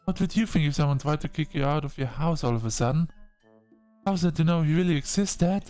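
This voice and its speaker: A man voicing a frightened, tearful young protagonist who talks in a high, stammering, panicky voice. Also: fast, a little mellow, soft background music, natural voice. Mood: anxious, defensive.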